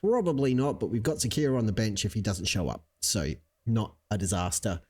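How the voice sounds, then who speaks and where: A man casually commentating his own video game session, chatty and self-mocking, lively when cheering on his team. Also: on the low side, brisk. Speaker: video game let's-play host. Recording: clear background noise.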